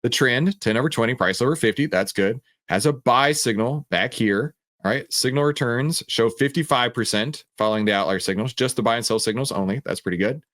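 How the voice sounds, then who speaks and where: A man's voice: mid-range voice, a little fast, hardly any pauses, a bit bright, no echo, clean studio sound. A man hosting a livestream, going through stock charts in a casual, joking way and reading out chat comments. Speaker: host.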